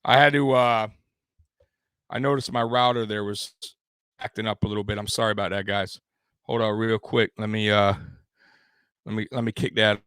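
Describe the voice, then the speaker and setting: A man's voice: lowish voice, steady tone, moderate pace, pauses often, fairly bright tone, clear, resonant tone, no echo. A man hosting a live sports stream, ranting in a heated, profane way and repeating himself as he vents. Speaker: sports livestream host. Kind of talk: angry live postgame rant.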